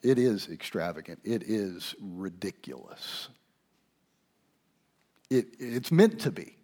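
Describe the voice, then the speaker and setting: A male pastor preaching a sermon, asking his listeners questions and swinging between hushed asides and loud emphasis. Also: fairly low pitch, expressive, slow pace, pauses often. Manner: conversational, asks the congregation questions.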